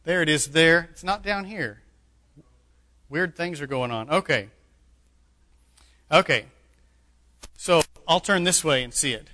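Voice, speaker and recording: A man's voice: sits high, expressive, moderate pace, long pauses, sharp tone. A man preaching a sermon as pastor, emphatic, with joking asides. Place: church sanctuary. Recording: echoey hall.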